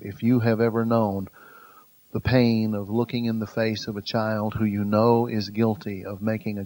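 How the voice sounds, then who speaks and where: A man teaching a Bible study in an earnest way, growing louder and slower to stress key phrases. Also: lowish voice, poor audio.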